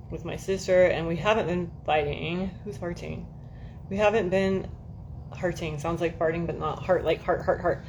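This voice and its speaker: A woman with a low-sitting voice hosts a livestream from her air-conditioned home, rambling casually to viewers, swearing freely and often laughing at herself. Slight background noise can be heard.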